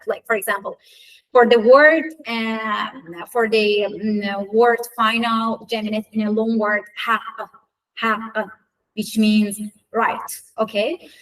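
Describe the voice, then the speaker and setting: A woman giving an academic conference talk, hesitant, with many fillers and restarts. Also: fairly high pitch. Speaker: student conference presenter. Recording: voice from far off the mic.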